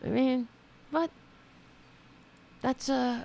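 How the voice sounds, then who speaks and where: This political commentary host, a woman, livestreams her reactions to clips with sarcastic outrage and lots of cursing. She talks deliberately and without hurry, her intonation lively and her pitch swinging broadly.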